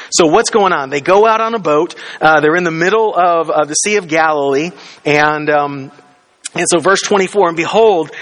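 Man, pastor, sermon, conversational, questioning, lightly higher voice. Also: fairly bright tone. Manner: conversational, asks the congregation questions; acts out quoted lines with rising pitch.

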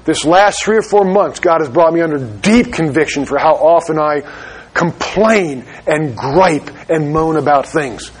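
A man preaching a sermon as pastor of his church, urgent and slowing down for emphasis. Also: on the high side, expressive, husky.

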